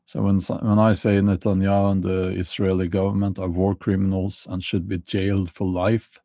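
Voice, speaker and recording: A middle-aged man with a Norwegian accent, hosting a casual livestream chat, talking slowly with many fillers and dry laughs. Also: deep voice, level tone, mellow, no room sound. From Norway. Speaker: livestream host.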